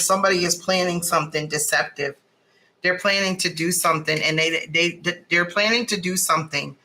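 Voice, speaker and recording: A woman giving a casual tarot card reading, blunt and animated, swearing freely as she talks. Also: low-pitched, poor audio. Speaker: tarot reader.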